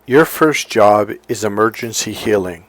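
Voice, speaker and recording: A man speaking as a life coach in an emphatic motivational monologue, blunt and forceful, swearing for emphasis and acting out other people's lines in a raised voice. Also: lowish voice, measured pace, dry recording.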